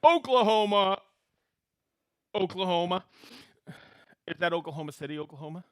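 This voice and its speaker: A man's voice: high voice, lively intonation, smooth. A man hosting a live stream, cheerfully greeting viewers by name and hometown. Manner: upbeat, reads out viewer names and hometowns with quick greetings and laughs.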